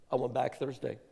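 A middle-aged man from Iraq preaches his testimony in a big church sanctuary, his voice carrying a long reverb through the hall. He speaks at a middle pitch for a man and climbs into passionate, near-shouted peaks when the story swells. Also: creaky, slightly rough. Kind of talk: sermon testimony.

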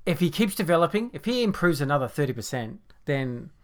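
A man co-hosting a sports podcast, speaking in a measured way and thinking aloud with pauses. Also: on the high side, sing-song. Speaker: podcast co-host. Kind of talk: casual sports chat.

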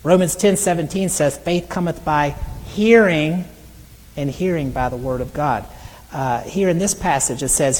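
Pastor guy preaching, earnest, slows down for scripture, echoey hall. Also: a little high, a little mellow. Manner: earnest preaching, reads scripture aloud slowly. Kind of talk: sermon.

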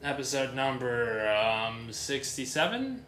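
A man's voice: medium pitch, very animated, slow, fairly bright tone, slight background noise. A man hosting a podcast in casual chat, joking and laughing easily. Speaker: podcast host. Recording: echoey room, faint music.

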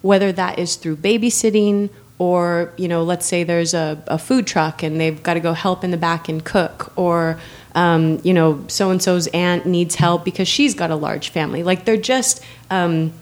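A woman's voice: on the low side, fairly even intonation, normal speed. A woman talking casually in an interview about mentoring girls, telling stories with frequent laughs and fillers. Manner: warm storyteller, laughs often, many fillers.

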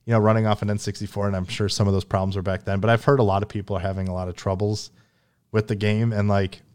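A man hosting a gaming podcast in casual chat, rambling and restarting sentences, with a deadpan delivery. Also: on the low side, quick pace, smooth. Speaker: podcast host.

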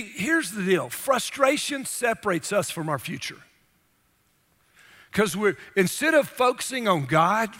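A pastor preaching a sermon with emphasis, often asking the congregation rhetorical questions. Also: male voice, high voice, sharp tone, big-room sound.

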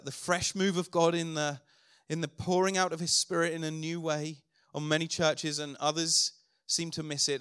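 A man's voice: fairly high pitch, a bit bright, smooth, no room sound, clean studio sound. A middle-aged man preaching a sermon as pastor, earnest, building to emphatic declarations.

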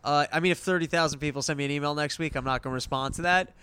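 A man's voice: a little high, rapid-fire, sharp tone, clear, resonant tone, dry recording. A man hosting a podcast, ranting and swearing in casual chat. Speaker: podcast host.

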